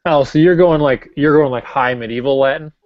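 A man's voice: mid-range voice, fairly quick, dry recording. A man co-hosting a podcast, teasing the others, in a dull, muffled recording. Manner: teasing, animated. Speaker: podcast co-host. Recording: dry, dull podcast audio.

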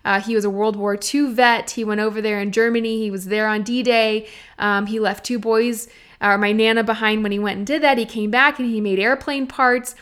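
A woman's voice: a little high, steady tone, normal speed, fairly bright tone, smooth. A young adult woman, hosting a solo podcast in a chatty, earnest way that speaks directly to listeners. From Texas. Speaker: podcast host. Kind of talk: casual solo podcast talk.

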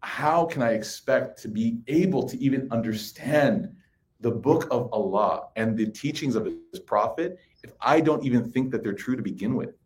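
Male preacher, 30s, casual animated storyteller, echoey hall. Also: mid-range voice, normal speed. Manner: conversational, animated storytelling with audience asides. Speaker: religious speaker. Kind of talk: sermon with personal anecdotes. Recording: echoey room.

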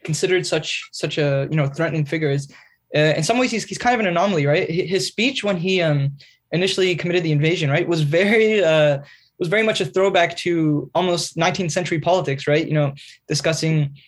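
A man with a fairly high-pitched voice and a fairly quick delivery is a guest magazine writer fielding interview questions. Earnest and lecture-like, he expands on ideas at length, frequently asking "right?".

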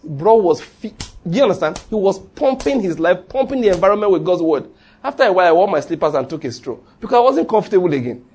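A man's voice: high-pitched, very animated, fast talker, a little mellow, breathy edge. A man preaching a sermon in a church, humorous and conversational, leading the congregation in call-and-response. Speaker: pastor.

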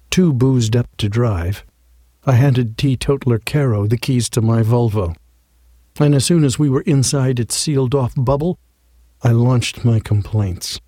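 A man reads an audiobook in a wry, measured voice. His tone is dark and mellow with a husky edge, and the recording is dry and close. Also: medium pitch, dry recording. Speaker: narrator. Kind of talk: audiobook narration.

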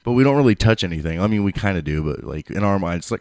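Man, very low voice, dry close sound, profane casual podcast chat. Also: animated, fast talker, darkish tone, dry recording. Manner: profane, joking, rambling. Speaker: podcast host.

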